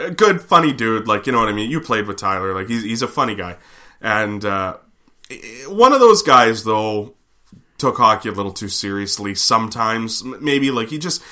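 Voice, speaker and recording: A man from Canada, telling rambling, profane stories on a casual podcast. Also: fairly low pitch. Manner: animated, profane, rambling with fillers. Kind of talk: casual storytelling.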